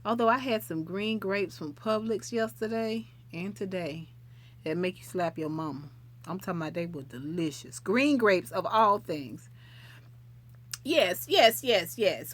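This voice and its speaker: A woman's voice: on the low side, a bit bright. A middle-aged woman hosting a live stream, chatting casually with viewers in a talkative, folksy way. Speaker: livestream host.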